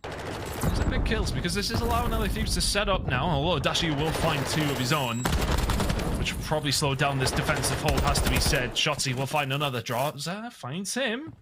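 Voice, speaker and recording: A man giving excitable play-by-play commentary on an esports match, rising sharply on big plays. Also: a little high, a little fast, very noisy. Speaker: esports caster. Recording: loud game gunfire behind.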